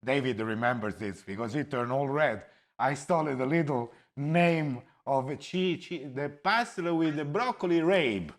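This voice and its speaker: A man's voice: mid-range voice, animated, measured pace. A middle-aged Italian man hosting a cooking show from his kitchen, chatting animatedly in Italian-accented English that is sprinkled with Italian words. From Italy. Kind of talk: casual cooking chat. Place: home kitchen.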